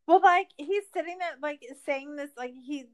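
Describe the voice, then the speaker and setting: A woman's voice: high-pitched, normal speed, a little mellow. A woman podcast host in a casual recap chat, ranting in exasperation and swearing a lot.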